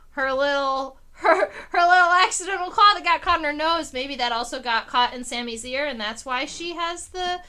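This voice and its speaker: A high, bright young woman chats to her livestream viewers from home. She tells stories loosely, with fillers and restarts. Her pitch jumps up when the story gets exciting. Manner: animated, pitch rising on exciting parts. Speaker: entomologist streamer. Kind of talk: casual livestream chat. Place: home living room.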